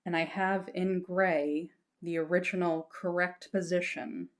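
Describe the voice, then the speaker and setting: A woman's voice: lowish voice, steady tone, measured pace. A woman teaching a lesson patiently, explaining step by step and reassuring her students, breaking into short chanted examples.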